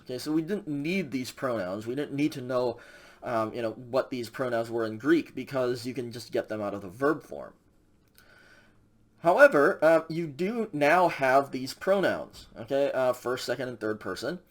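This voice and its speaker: A man's voice: mid-range voice, lively intonation, moderate pace. A man teaching a recorded Greek grammar lecture in a casual way, with many fillers and frequent checks with the class. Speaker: Greek instructor.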